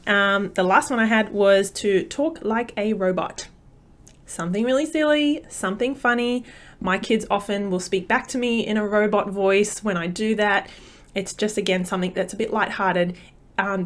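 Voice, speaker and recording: A woman, a parenting coach talking casually to camera in an upbeat, chatty way with many fillers. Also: mid-range voice.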